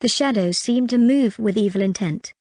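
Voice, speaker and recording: A woman narrating an audiobook in a steady, even reading voice. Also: medium pitch, moderate pace, dry recording, studio quality.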